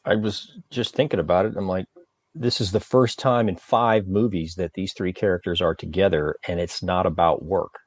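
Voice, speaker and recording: A man's voice: low voice, fairly even intonation, normal speed. A man co-hosting a podcast in casual chat, joking and rambling, often repeating his words. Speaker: podcast co-host.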